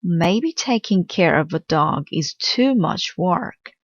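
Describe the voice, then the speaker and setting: Firm, kind mother for a storybook read-aloud, read by a woman; slow, slightly dull sound. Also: fairly low pitch, lively intonation, no room sound, full character voice. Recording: slightly dull dry recording.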